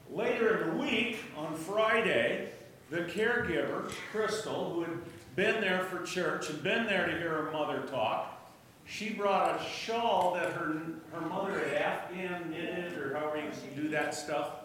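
A man sharing a story with a church congregation, animated and storytelling with joking asides, heard in an echoey church room from a distant mic. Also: fairly high pitch, slight background noise. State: hard of hearing. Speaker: church speaker sharing a testimony. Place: church sanctuary.

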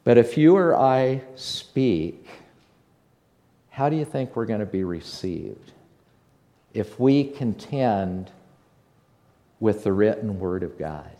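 A man's voice: on the low side, animated, slow, long pauses, warm tone. A man preaching a sermon to his congregation, earnest and rising to fervent emphasis. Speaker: pastor.

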